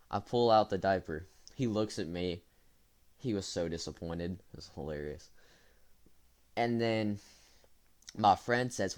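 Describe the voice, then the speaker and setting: A man's voice: sits low, normal speed, a little mellow. A young man casually telling a rambling story to his viewers, full of fillers and restarts. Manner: rambling, with fillers and self-corrections. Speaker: storytime vlogger.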